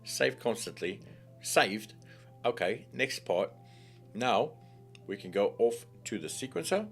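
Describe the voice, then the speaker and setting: A man with a low voice walks through a software tutorial, his pitch swinging widely as he jokes along. He talks in a chatty, playful way, calling the viewer mate and love, with faint music behind him. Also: animated, takes it slowly, creaky. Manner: playful, chatty, jokey asides. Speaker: tutorial host. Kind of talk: screen-recorded software tutorial.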